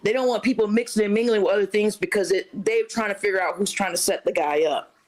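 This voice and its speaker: A woman's voice: medium pitch, fast talker, rough recording. A woman telling a story casually on a livestream, acting out what others said to her. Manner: animated retelling, acts out quoted chat voices. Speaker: livestream guest.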